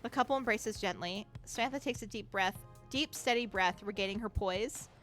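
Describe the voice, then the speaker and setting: A woman's voice: mid-range voice, normal speed, fairly bright tone, faint music behind. A young woman streaming a game, reading its text aloud with chatty, giggly commentary and casual swearing. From United States.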